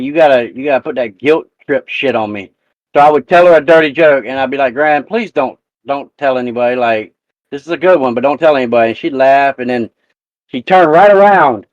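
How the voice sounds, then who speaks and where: A man's voice: mid-range voice, no echo, highs cut off. A man hosting a live talk show, telling a profane family story in casual chat.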